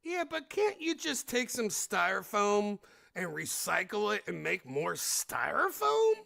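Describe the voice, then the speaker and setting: Animated, gravelly-voiced man ranting. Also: high-pitched, measured pace, no echo, clean studio sound. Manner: rambling, animated, crude joking. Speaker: podcast host. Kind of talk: casual comedic chat.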